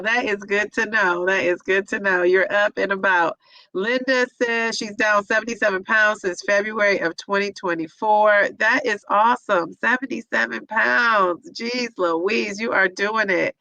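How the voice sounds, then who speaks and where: A woman's voice: mid-range voice, sharp tone, dry recording, poor audio. A woman hosting a casual livestream, reading viewers' comments aloud and cheering each of them on by name.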